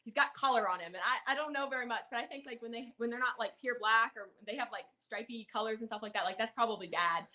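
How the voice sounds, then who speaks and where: A young woman from Canada chats on a podcast as the guest, laughing through her stories and acting out what everyone said. Her voice is bright and a little high. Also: quick pace, hardly any pauses. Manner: giggly, lots of fillers, animated quoting. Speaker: podcast guest, former rodeo queen. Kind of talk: casual storytelling.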